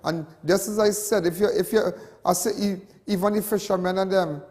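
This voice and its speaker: A man's voice: high voice, steady tone, fairly quick, a little mellow, big-room sound. A Trinidadian man hosting a TV show, talking in an emotional, rambling monologue full of repetition and local slang. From Trinidad and Tobago. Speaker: TV show host. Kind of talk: impassioned on-air monologue.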